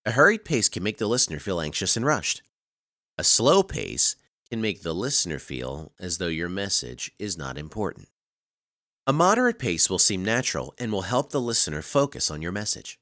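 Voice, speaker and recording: A man giving scripted narration for a communication skills course, reading in an even, measured way and stressing key words. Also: on the low side, no room sound, clean studio sound.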